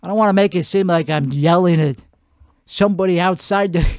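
A man's voice: high voice, brisk, no room sound, studio quality. A man hosting a comedy show, putting on an Italian-American accent, with a profane, rambling, self-mocking monologue recorded at home at night. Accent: put-on Italian-American.

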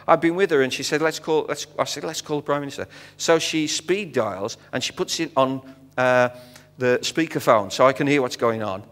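This storytelling sermon comes from a middle-aged guest preacher from Britain, a missionary who brings his tale to life by acting out the dialogue, with frequent fillers along the way. He speaks in a mid-range voice, and the sanctuary recording carries a long, echoing reverb.

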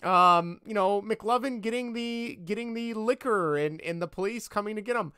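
A man co-hosting a podcast in casual chat, retelling movie scenes in a rambling, animated way and thinking aloud as he looks things up. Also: high voice, moderate pace, smooth, no echo, studio quality. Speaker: podcast co-host.

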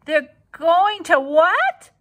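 A woman's voice: high voice, animated, normal speed, bright, forceful tone, pitched above the performer's own voice. A woman voicing a wailing young storybook pig. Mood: anguished. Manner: wailing, pleading. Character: panicked young male pig.

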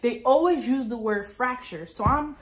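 Chatty young woman with a higher voice. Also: normal speed. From New Jersey. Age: early 20s. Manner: chatty, dramatic retelling with many "like" fillers. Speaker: lifestyle vlogger. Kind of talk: casual storytelling.

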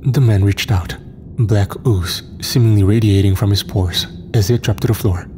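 Grim low-voiced male horror narrator. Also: normal speed, background noise. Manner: steady, grim first-person storytelling.

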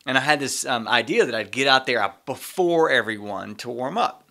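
A middle-aged man co-hosting a podcast, telling an animated story in a casual way and laughing often. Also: mid-range voice, normal speed, gravelly. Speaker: podcast co-host.

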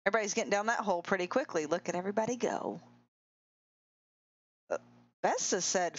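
A woman's voice: medium pitch, a little fast, long pauses, lo-fi sound. Giggly woman streamer cheering a race. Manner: giggly, excitable, cheering racers on. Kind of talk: live game commentary.

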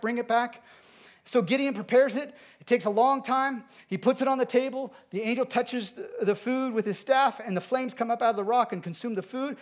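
A pastor delivers a sermon in a high, bright male voice. He preaches with emphasis and pushes up to loud, declared lines for the congregation. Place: church sanctuary.

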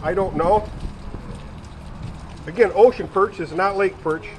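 A man's voice: sits high, a little slow, background noise. A retired man in his sixties chatting casually and rambling to viewers while he cooks in his home kitchen. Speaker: vlogger. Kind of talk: casual home cooking vlog.

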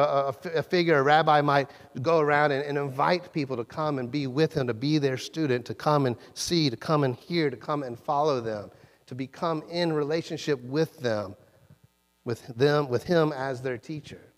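A man preaches a sermon in a church, his fairly high voice trailing off in a long reverb. He talks in a conversational way and acts out the lines he quotes with sudden leaps in pitch. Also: moderate pace. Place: church sanctuary.

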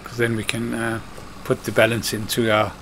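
A man's voice: mid-range voice, monotone, normal speed, fairly bright tone, slight background noise. A man giving casual commentary while playing a farming game, chatting to himself and scolding the computer-driven workers. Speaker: let's play host.

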